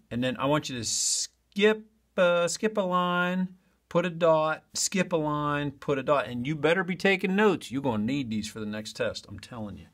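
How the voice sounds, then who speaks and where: A man's voice: a little high, a bit bright. Chatty male teacher talking to students. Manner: chatty, talks to students directly. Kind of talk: online lesson.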